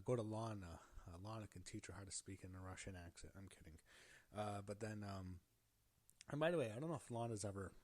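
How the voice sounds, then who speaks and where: Casting note: lower-pitched man, casual review delivery, grumbling and rambling with lots of "uh"s, dry close sound. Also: darkish tone, dry recording. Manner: rambling, with many fillers and self-corrections; grumbling, openly annoyed. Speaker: show reviewer.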